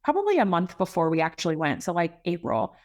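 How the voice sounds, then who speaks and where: A woman in her forties hosting a podcast, telling a personal story in a chatty way and acting out the dialogue with lively voices. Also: on the low side, fast talker. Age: 40s. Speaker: podcast host. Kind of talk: casual storytelling.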